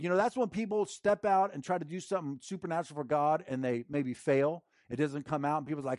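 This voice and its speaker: A male pastor preaching a sermon in an emphatic, conversational way, swinging from loud bursts to hushed moments. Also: a little high, animated, fast talker, no room sound, studio quality. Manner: conversational, slangy, with restarts.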